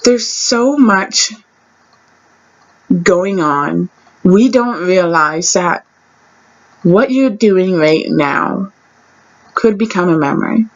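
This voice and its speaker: Young woman vlogging, chatty and animated, kinda dull lo-fi sound. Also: lowish voice. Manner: chatty, animated, quick asides and little laughs. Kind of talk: casual storytelling to camera.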